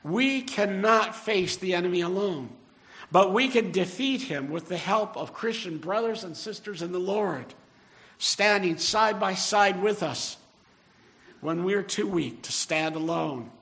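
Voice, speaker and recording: Older man, pastor, earnest sermon delivery, high-pitched voice, slows down for emphasis. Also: animated, fairly bright tone. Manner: earnest, rises in emphasis, slows on key phrases.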